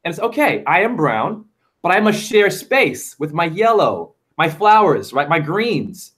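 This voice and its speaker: A man's voice: a little high, sing-song, unhurried, a bit bright, breathy edge. A man talking as a show guest in a rambling, fervent monologue full of wordplay. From United States. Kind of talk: casual chat.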